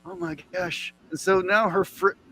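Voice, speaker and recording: A man's voice: sits high, steady tone, measured pace, fairly bright tone. A man from Mississippi, sarcastically commenting on a news clip and mocking the people in it. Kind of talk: comedic reaction commentary.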